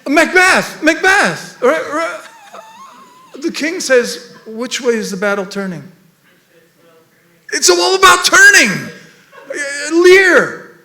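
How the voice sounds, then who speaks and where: A man giving an animated, rambling talk about poetry, laughing often as he goes. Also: very high-pitched, takes it slowly, long pauses, reverberant.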